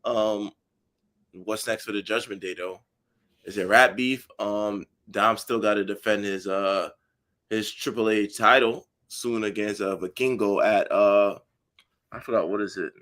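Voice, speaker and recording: A man's voice: lowish voice, fairly even intonation, measured pace, a bit bright. A man co-hosting a podcast, casual chat that turns into heated, profane ranting. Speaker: podcast co-host.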